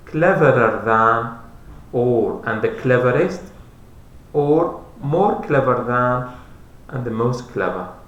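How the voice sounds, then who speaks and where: A man teaching English grammar, explaining slowly and repeating each rule and example. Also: medium pitch, a bit bright, highs cut off. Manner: slow, repetitive, spells out letters. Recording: roomy echo.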